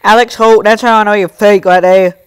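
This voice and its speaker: A man's voice: high voice, steady tone, fairly quick, clear, resonant tone, no echo, studio quality. A young man live streaming, reading and answering his chat in casual talk, scolding some viewers and joking with others. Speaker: livestreamer.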